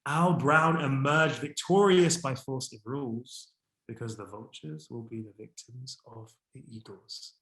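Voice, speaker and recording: An expressive man presents a history talk, his voice rising with enthusiasm at the high points. He speaks at a middling pitch. The sound carries a noticeable echo from the room around him. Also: a little slow. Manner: expressive, warm about his subject, rises in pitch and volume when excited; reads a French poem aloud with care. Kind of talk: presentation to an online audience.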